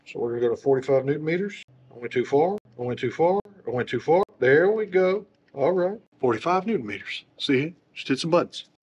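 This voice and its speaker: A man's voice: a little high, expressive, a little fast, a little mellow, highs cut off, slight background noise. A man working as a motorcycle technician, talking through a wheel install in a workshop with joking, self-deprecating asides. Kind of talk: casual how-to tutorial.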